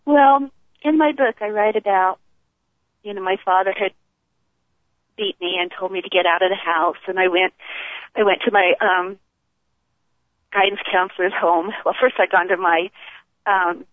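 An older woman, an author, telling her life story in an interview, animated and often laughing as she acts out the people in it. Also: mid-range voice, moderate pace, long pauses, dry recording. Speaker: author and guest. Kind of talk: emotional personal storytelling. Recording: tinny phone line.

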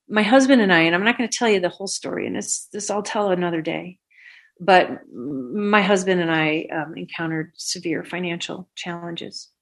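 A woman guest on a talk show, telling a personal story with lively voices for the people she quotes. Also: on the low side.

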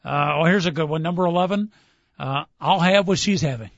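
A fairly high, gravelly-voiced man talks briskly as he hosts a casual sports radio show. He quizzes his co-host on movie lines with upbeat energy, reading them aloud and laughing easily. The recording is dry, with a dull studio sound.

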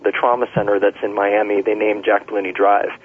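A middle-aged man, a nurse and author, telling stories in a relaxed interview, with many fillers and restarts. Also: on the low side, brisk. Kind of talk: casual interview talk. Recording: tinny phone line.

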